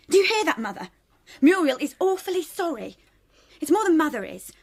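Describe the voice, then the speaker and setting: An actress playing a bitter, rebellious young daughter in a radio drama, sarcastic and tearful by turns. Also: female voice, extremely high pitch, big pitch swings, normal speed, heavily acted. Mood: accusing. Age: young adult.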